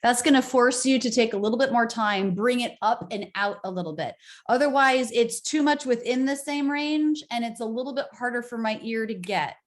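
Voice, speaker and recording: A woman's voice: normal speed, few pauses. Encouraging woman coaching pronunciation. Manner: encouraging, demonstrates pitch with exaggerated examples. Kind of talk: accent coaching session.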